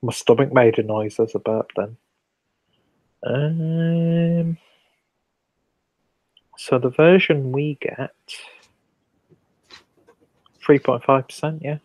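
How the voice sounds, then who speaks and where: An English man hosting a live beer review stream, chatting casually and reading out viewer comments in a relaxed, rambling way. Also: medium pitch, takes it slowly, long pauses, dry recording, dull audio. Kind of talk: casual late-night live stream chat.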